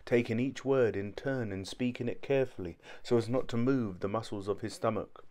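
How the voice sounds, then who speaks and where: A man narrating a short story in steady first-person storytelling. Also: mid-range voice, brisk, few pauses. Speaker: audiobook narrator.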